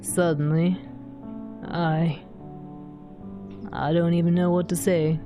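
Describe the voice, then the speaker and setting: A woman voicing a gloomy, resigned horned young man from a game, in a deep Southern drawl. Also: level tone, slow pace, dull audio, over music.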